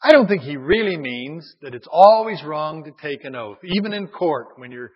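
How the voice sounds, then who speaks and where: A man's voice: on the high side, lively intonation, moderate pace, breathy edge, dull audio. A man preaching a sermon, reading scripture in an earnest, emphatic way. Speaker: pastor.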